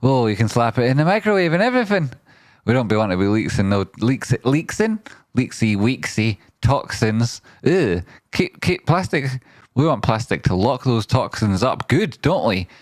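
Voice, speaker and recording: A man's voice: very animated, moderate pace, no echo. Playful man rambling on stream. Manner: playful, riffing, often jumps into a high silly voice. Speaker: trading livestream host. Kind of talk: rambling live-stream chat.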